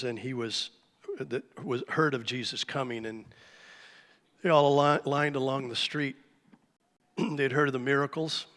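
A man preaching a sermon to a church congregation, telling a story with lively, animated delivery. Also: mid-range voice. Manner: animated storytelling, acts out shouted cries. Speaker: pastor. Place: church sanctuary. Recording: live church hall reverb.

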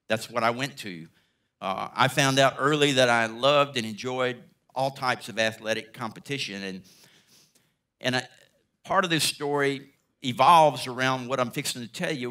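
A middle-aged man speaks as a guest preacher, telling a personal story from the pulpit. His voice is bright and ringing. He acts out each person's lines as he goes. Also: mid-range voice. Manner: animated storyteller, acts out dialogue. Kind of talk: sermon storytelling.

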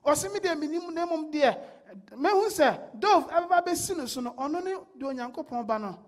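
A woman's voice: high-pitched, lively intonation, normal speed. A woman preaching a sermon, with rising bursts and call-and-response.

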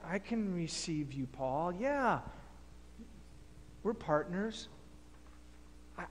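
A man's voice: sits high, slight background noise, pitched below the performer's own voice. A man preacher acting out a wronged man who protests and stammers in a sermon skit, heard in a reverberant church hall. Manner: indignant, pleading, stammering. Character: aggrieved man wronged by his servant.

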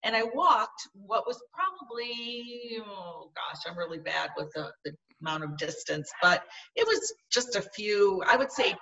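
Bright-voiced woman telling a story earnestly. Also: mid-range voice, sing-song, measured pace, hardly any pauses, distant mic, muffled recording. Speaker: podcast guest. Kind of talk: personal storytelling in an interview.

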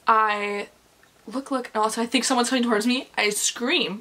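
A woman's voice: fairly high pitch, fairly even intonation, normal speed, pushed and bright. Young woman vlogger, casual storyteller, loose and chatty delivery, heavy on fillers and cursing. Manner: chatty, swears often, says "like" a lot.

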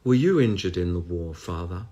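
A man voicing a calm blind female medium who speaks softly and matter-of-factly. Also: lowish voice, unhurried, highs cut off, lightly acted. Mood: gently grave. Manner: soft and matter-of-fact.

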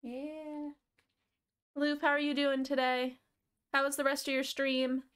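A woman's voice: sits high, monotone, measured pace, fairly bright tone. Chatty, affectionate woman streamer. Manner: chatty, affectionate, swears casually. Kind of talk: casual live stream chat.

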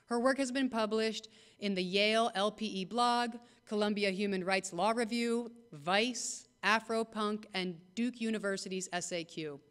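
A woman's voice: mid-range voice, normal speed, a bit bright. A woman hosting an event, upbeat and cheering as she introduces the speakers.

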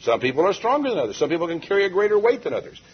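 A man's voice: high-pitched, very animated, very fast, slightly rough. A male preacher delivering an emphatic sermon full of rhetorical questions, heard on a dull, lo-fi 1980s tape.

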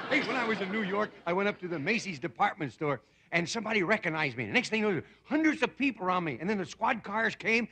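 A man in his fifties from Indiana, hosting a comedy show with a stand-up monologue and chuckling at his own jokes. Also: sits high. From Indiana, USA. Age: 50s. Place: TV studio stage before a live audience. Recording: 1960s TV broadcast with hiss and studio audience laughter.

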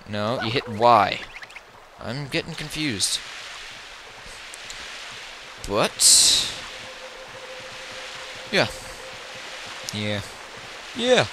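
A man giving casual, rambling, jokey gameplay commentary from home, breaking into loud excited yelps. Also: medium pitch, takes it slowly, pauses often, a little hiss or hum. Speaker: let's player. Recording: video game music playing behind.

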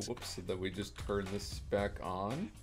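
A man gaming with friends over a voice call, excitable and swearing, laughing at what happens in the game. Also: lowish voice, a little slow. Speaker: gamer. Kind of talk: casual chat while gaming.

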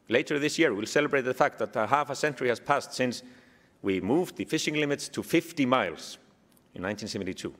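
A man with an Icelandic accent giving a keynote speech, telling a story with animated humor. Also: medium pitch. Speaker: keynote speaker. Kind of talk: speech to a summit audience. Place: large hall. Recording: long hall reverb.

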